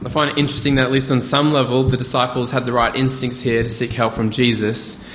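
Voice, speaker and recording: A man delivers a sermon in an easygoing, conversational way, breaking off for quick asides. His mid-pitched voice rings out in a reverberant hall. Faint ambient noise sits underneath. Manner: conversational, animated preaching with asides. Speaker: pastor.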